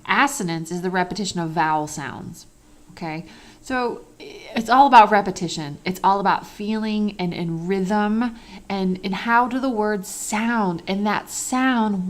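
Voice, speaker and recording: Woman teaching, checking in with "okay". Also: mid-range voice. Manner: conversational, checks in often with "okay" and "all right"; rhetorical questions, emphatic. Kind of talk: lecture.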